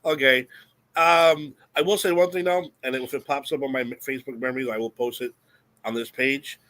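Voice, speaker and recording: A man's voice: mid-range voice, fairly even intonation, normal speed, fairly bright tone. Laid-back man giving blunt film opinions. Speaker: podcast co-host. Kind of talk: casual chat.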